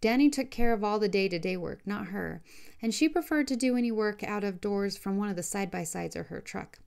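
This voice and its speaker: A woman, the author, narrating her own romance novel as an audiobook in a steady, unhurried reading. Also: mid-range voice, gravelly.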